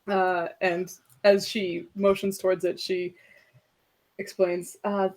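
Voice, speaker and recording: A woman's voice: on the low side, level tone, slow pace, a little mellow. A woman narrating as game master for a tabletop game, rambling with many fillers and laughing easily.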